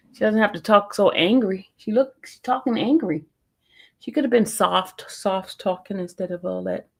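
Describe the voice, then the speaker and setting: A woman's voice: medium pitch, gravelly. A middle-aged woman hosting a live stream, chatting casually and laughing with viewers she calls y'all. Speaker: livestream host. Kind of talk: casual livestream chat.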